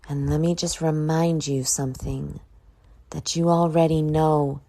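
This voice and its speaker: Her deep, dark voice comes out flat and at a moderate pace as this podcast host, sleepy and yawning, rambles through a motivational solo monologue. She swears occasionally.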